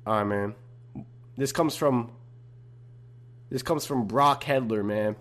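A man's voice: medium pitch, slow, a bit bright. Laid-back slangy young man hosting. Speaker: podcast host. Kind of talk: casual solo podcast chat.

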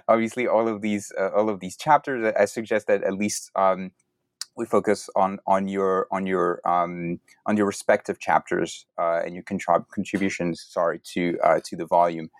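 A man interviewing authors about an academic book, talking in a halting way with many repeated words. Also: deep voice, steady tone, dry recording.

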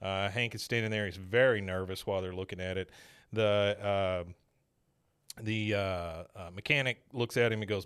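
A man's voice: on the low side, fairly even intonation, moderate pace, a bit bright, clear, resonant tone. A man hosting a podcast, recapping a cartoon episode in casual chat and laughing often. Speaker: podcast host.

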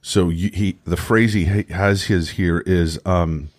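A man co-hosting a faith podcast, talking slowly and haltingly, restarting his sentences as he works through his thoughts. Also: sits low, fairly even intonation. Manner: halting, restarts often, thinking aloud. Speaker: podcast co-host. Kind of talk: casual faith discussion.

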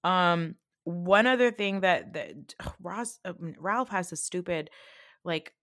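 A woman's voice: lowish voice, expressive, slow pace, fairly bright tone, dry recording, studio quality. A woman hosting a podcast, recapping reality TV in a chatty, opinionated way, swearing freely and correcting herself often. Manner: frequent fillers and self-corrections. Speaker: podcast host.

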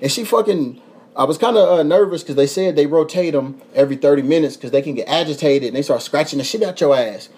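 A young man, a podcast host telling a profane, animated travel story in casual chat, laughing often. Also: on the high side, fast talker, breathy edge. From United States.

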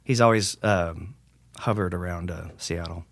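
A man's voice: deep voice, a little slow, vocal fry, a bit bright, no room sound. A man guest on a podcast, chatting casually and rambling, swearing freely and acting out the things people said. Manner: rambling, swears freely, acts out quoted remarks. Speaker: podcast guest, metal singer. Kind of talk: casual conversation.

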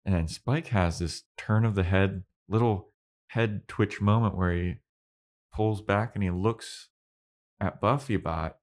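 Low-voiced man recapping with swearing. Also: unhurried, a little mellow. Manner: swearing, acts out characters' lines in loose voices. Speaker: podcast co-host. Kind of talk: casual recap chat.

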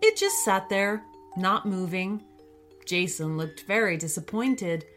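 A woman narrates a children's bedtime-style story aloud, expressive and unhurried, her slightly high pitch rising and falling a lot. Faint music plays beneath her.

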